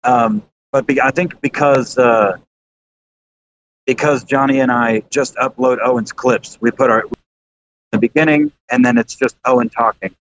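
A man's voice: fairly even intonation, a little slow. A man chatting casually on a podcast, rambling with lots of fillers and restarts and casual swearing. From American South. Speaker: YouTuber guest. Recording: slightly dull lo-fi sound with faint rumble.

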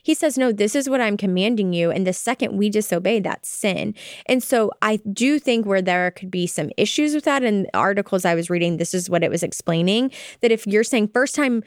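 A young adult woman co-hosting a casual parenting podcast, lively and acting out what she tells her kids. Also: mid-range voice, fairly quick, dry recording, clean studio sound. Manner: animated, acts out quoted talk with her kids. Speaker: podcast co-host. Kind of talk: casual chat.

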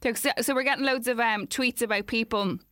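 Irish woman podcast co-host, fairly high, bright voice, cheeky crude banter. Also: fairly quick, no echo. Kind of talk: casual podcast chat.

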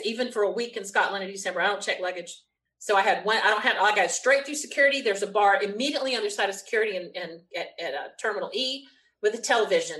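Lively Southern woman telling a story. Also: on the high side. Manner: lively, frequent laughs, acts out quotes. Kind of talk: animated storytelling.

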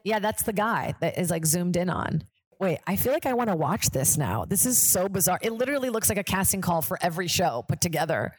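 A woman's voice: lowish voice, very animated, brisk, husky, dry recording. A young woman comedian hosting her podcast, chatting in a rambling, self-deprecating way. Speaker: podcast host, stand-up comedian. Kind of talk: casual chat.

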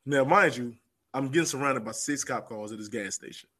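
Man of middle pitch, podcast guest, lively retelling with lots of repetition. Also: a little fast. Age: adult with children. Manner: animated, repeats phrases for emphasis. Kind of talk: casual storytelling.

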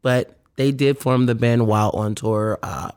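A man's voice: medium pitch, unhurried, darkish tone, clear, resonant tone. A man, a band musician, talking casually as a guest in an interview, loose and full of fillers. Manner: laid-back, filler-heavy, laughs often.

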